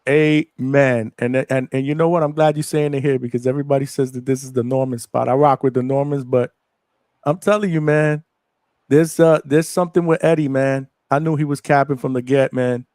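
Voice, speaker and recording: Energetic slangy man hosting a live show. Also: medium pitch, a little fast, no room sound, studio quality. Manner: energetic, slangy, gives shout-outs to viewers. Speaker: host of a live boxing show. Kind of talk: casual live-stream chat.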